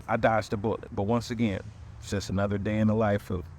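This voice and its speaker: A man's voice: fairly low pitch, quick pace, a little hiss or hum. Man telling a comic dating story. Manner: animated, slangy, quotes people with voices. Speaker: podcast host. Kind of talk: comedic storytelling.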